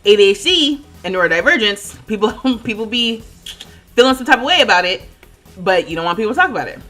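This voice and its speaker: A woman in her thirties streams and chats as she plays, with a sharp, bright tone. Her pitch swings widely and she laughs easily while she thinks out loud. Faint music plays underneath. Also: expressive, fast talker. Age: 30s. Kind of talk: casual livestream chat while playing.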